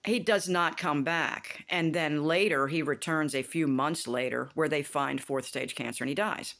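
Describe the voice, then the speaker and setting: A woman vlogging in a casual, indignant rant, animated and swearing freely as she retells a TV plot. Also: deep voice, normal speed, few pauses. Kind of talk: casual rant about a TV show.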